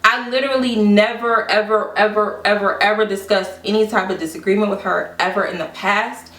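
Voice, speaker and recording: A woman vlogger casually telling a personal story to the camera, quoting people with lively, exaggerated voices. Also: medium pitch, fairly quick. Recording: echoey room, mic at a distance.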